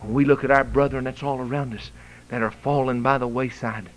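A male pastor preaching a fiery revival sermon in a church, swinging from shouting to hushed whispers, with a Southern US accent. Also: mid-range voice, steady tone, a little fast, slight background noise, rough recording. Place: church sanctuary.

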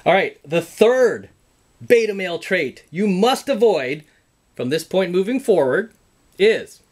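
With a high, very animated voice at a measured pace, a man delivers a motivational talk to camera as a self-improvement vlogger. Blunt and profane, he emphatically lectures the "guys" watching, repeating himself over and over.

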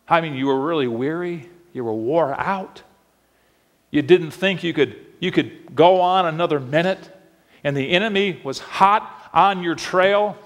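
A man preaching a sermon in a church, swinging from hushed asides to shouted declarations. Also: on the high side. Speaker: pastor. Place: church sanctuary. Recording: long reverb of a church hall.

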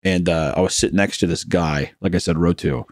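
A man's voice: low voice, steady tone, brisk, darkish tone, dry recording, studio quality. A man co-hosting a comedy podcast, telling crude, joking stories full of profanity and mimicked voices. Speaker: podcast co-host.

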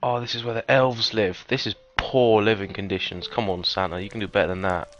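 A man giving cheeky, casual gameplay commentary, swearing often and breaking into sudden high, excited yelps. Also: brisk, muffled recording. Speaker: let's player.

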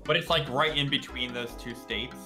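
A woman's voice: a bass voice, fairly even intonation, normal speed, music in the background. A young woman chatting casually and joking with friends during an online game. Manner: goofy, jokey banter. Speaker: gamer streaming with friends. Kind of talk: casual gaming chat.

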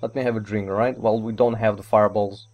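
A man doing gameplay commentary, rambling and excitable, with mild swearing and non-native English phrasing. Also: on the low side, quick pace. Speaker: let's play gamer.

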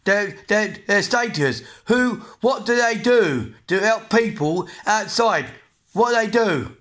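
Ranting high-voiced English man in his forties. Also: expressive, slow pace, a bit bright. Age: 40s. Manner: agitated, repetitive, swearing, blunt. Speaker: vlogger. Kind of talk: angry rant to camera.

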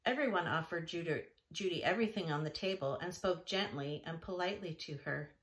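A woman reading a classic children's novel aloud in a gentle, even narration. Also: lowish voice. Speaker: audiobook reader. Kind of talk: storybook narration.

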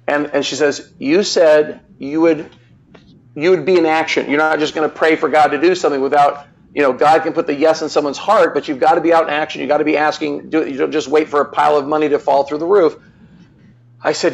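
Gravelly earnest man telling a story. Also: a little high, low-quality recording. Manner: earnest, animated storyteller with many restarts. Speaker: guest. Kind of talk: casual storytelling on a live show.

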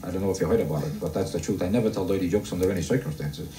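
A man doing a stand-up routine for a live audience, grumbling deadpan and tossing rhetorical questions at the crowd. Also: low voice, racing, slight background noise. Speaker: stand-up comedian. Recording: roomy live club recording, mic heard from a distance. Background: audience laughter.

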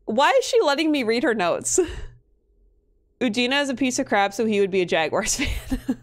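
A woman's voice: on the high side, expressive, normal speed. A young woman from Minnesota giving casual gameplay commentary, chatty, swearing freely and laughing often. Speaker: streamer.

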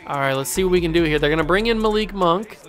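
A young man giving casual live commentary on a basketball video game, getting worked up and yelling at his players, then owning his mistakes. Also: sits high, quick pace. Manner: excitable, yells at his players, then blames himself. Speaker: gaming YouTuber playing a basketball video game.

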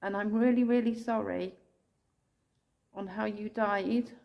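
An English woman ghost hunter calling out to spirits indoors, speaking slowly and tenderly, sometimes tearful, recorded on a handheld camera. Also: mid-range voice, steady tone, gravelly. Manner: soft, pleading, slow and tender, calling out with endearments. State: tearful at times.

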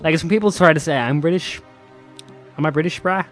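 A man's voice: on the high side, fairly quick, a bit bright, faint music behind. A man with a Northern Irish accent co-hosting a let's play, teasing and playfully mock-commentating the action. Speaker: co-host gamer.

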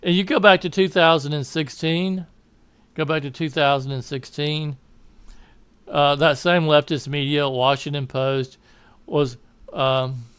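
A man's voice: a little high, steady tone, measured pace, fairly bright tone, clean tone, no room sound. A man with a Southern American accent giving a rambling political opinion monologue, often correcting himself and laughing at his own asides. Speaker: political commentator.

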